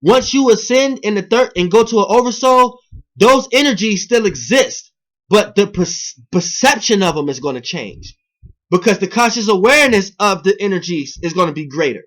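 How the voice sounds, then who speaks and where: A man, delivering a rambling, profane spiritual monologue to his viewers, alternating loud emphatic bursts with low muttering. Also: lively intonation, moderate pace. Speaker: video blogger.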